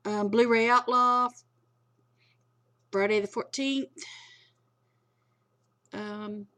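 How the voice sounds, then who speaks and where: A woman's voice: a little high, unhurried, long pauses, fairly bright tone. A middle-aged woman, chatting at home about her movies in a rambling, self-interrupting way and sounding tired. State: tired and yawning. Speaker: movie collector vlogger. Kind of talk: casual chat. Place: home room.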